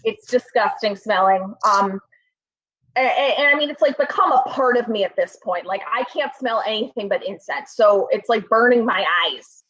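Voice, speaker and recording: A woman's voice: fairly high pitch, moderate pace, a bit bright. A young woman telling a funny personal story in a rambling, self-deprecating way, full of fillers. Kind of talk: comic storytelling. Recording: slightly dull, lo-fi sound.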